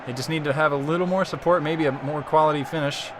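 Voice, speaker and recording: A man doing live play-by-play commentary on a video game football match, getting excited and shouting on close chances. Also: fairly high pitch, quick pace, noisy background. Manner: excitable, rises to shouting on near goals.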